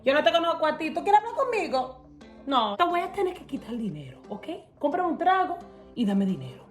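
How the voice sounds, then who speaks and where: A woman's voice: a little high, wildly swooping pitch, faint music behind. Woman playing a brash sassy woman. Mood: confrontational. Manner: loud, confrontational, quick Spanish retorts.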